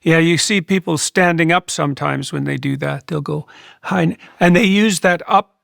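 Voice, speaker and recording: A man in his sixties hosting a long-form interview, speaking in a measured, thoughtful way with halting restarts. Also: fairly high pitch, gravelly, fairly bright tone, dry recording, clean studio sound. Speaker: podcast host.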